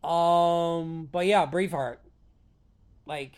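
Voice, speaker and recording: Slow-talking vlogger, casual solo chat, rambling, hesitant, many fillers, earnest. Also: mid-range voice, fairly even intonation, darkish tone, clean tone. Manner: earnest, openly emotional about films.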